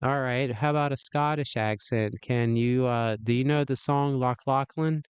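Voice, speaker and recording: Mid-pitched male streamer, playful rambler, crisp dry mic. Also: steady tone, moderate pace, no echo. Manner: rambling and playful, many restarts. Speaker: livestream host. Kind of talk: casual stream chat.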